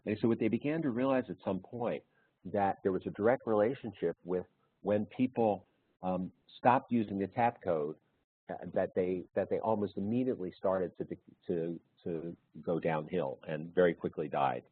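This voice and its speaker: A man with a deep, slightly husky voice speaks in an easygoing, anecdotal way as a webinar presenter. The sound is dry and squeezed into a narrow, phone-like band, as on a video call. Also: moderate pace, dry recording. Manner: anecdotal, storytelling. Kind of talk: conversational webinar talk.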